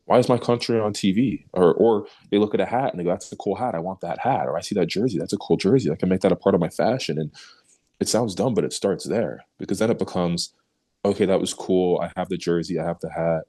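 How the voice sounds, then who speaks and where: A young man with a very low, deep voice tells stories as an interview guest. He acts out what others said and laughs easily, keeping things casual and animated. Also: fast. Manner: animated storyteller who acts out quoted remarks, laughs easily.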